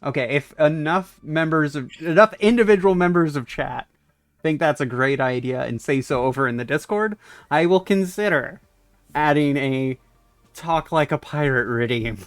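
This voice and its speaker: A man's voice: on the high side, normal speed, no room sound. A man streaming a game live, chatting casually in a joking, self-mocking way.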